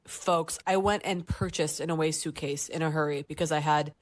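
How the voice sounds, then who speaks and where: Woman, 30s, podcast co-host. Lower register, close and dry mic. Lively storyteller who jumps into squeaky voices for the quotes. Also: normal speed, dry recording. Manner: animated storyteller, acts out voices and jumps up high for quoted lines. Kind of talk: casual chat, telling a story.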